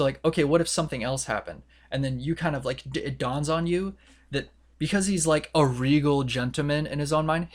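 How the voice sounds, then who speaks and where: Young male podcast co-host, mid-pitched, casual and rambling, acts out quotes. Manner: rambling, filler-heavy retelling with quoted voices.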